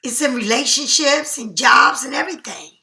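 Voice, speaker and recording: A woman giving a casual, chatty tarot reading in an animated, slangy way. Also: high voice, moderate pace, echoey room. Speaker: tarot reader.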